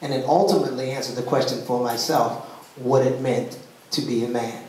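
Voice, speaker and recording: A man's voice: mid-range voice, fairly even intonation, brisk, a little mellow. Man performing slam poetry in an echoing club. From rural US South. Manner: storytelling with comic timing. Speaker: spoken word poet. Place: club venue, indoors. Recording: roomy live venue heard from a distance.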